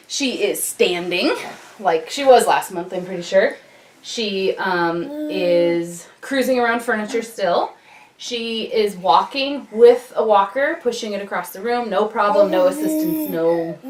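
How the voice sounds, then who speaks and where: A young woman, a mother and vlogger, chatting casually to the camera at home, with plenty of ums and likes. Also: mid-range voice. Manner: chatty, many ums and likes, breaks off to talk to baby. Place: home, indoors. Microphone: camcorder on a tripod.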